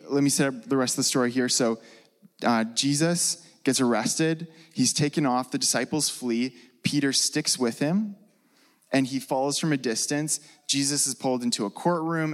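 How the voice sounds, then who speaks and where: A man preaching a sermon in a relaxed, conversational way, with frequent fillers. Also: mid-range voice, in a large hall. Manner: casual, conversational, with many fillers.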